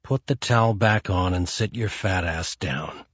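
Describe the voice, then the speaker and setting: A man voicing a calm, menacing male hitman who speaks low and quietly. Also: a little slow, husky, no echo, muffled recording.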